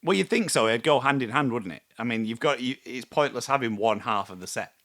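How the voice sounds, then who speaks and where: A man's voice: mid-range voice, animated, brisk, fairly bright tone. A man in his thirties co-hosting a podcast in casual chat. He tells stories with animation and laughs often. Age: 30s. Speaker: podcast co-host.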